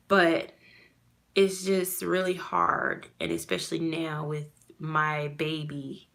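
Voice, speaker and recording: A woman's voice: sits low, gravelly, fairly bright tone. A mother pouring out a heartfelt, rambling rant to camera, full of "you know" fillers. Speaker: mother vlogging about her custody loss. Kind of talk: casual personal rant to camera.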